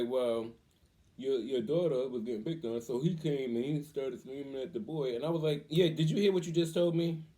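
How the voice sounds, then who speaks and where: Middle-aged man, dark mellow tone, casual animated storytelling, acts out quotes. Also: medium pitch. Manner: animated, acts out quoted voices, laughs often. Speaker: vlogger, father.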